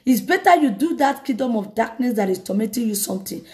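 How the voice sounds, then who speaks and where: A woman evangelist preaching a lively sermon, telling a story dramatically. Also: a little high, fast. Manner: animated, laughing, dramatic retelling.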